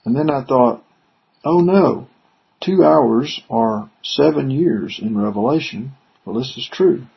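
Gravelly husky man reading scripture. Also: mid-range voice, animated, takes it slowly. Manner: reads verses then explains them conversationally. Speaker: preacher. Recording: dull lo-fi recording.

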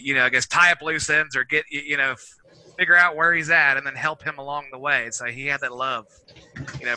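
A man sharing his thoughts in a group discussion, halting and stammering with many fillers. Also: mid-range voice, bright, forceful tone, poor audio. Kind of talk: casual testimony sharing.

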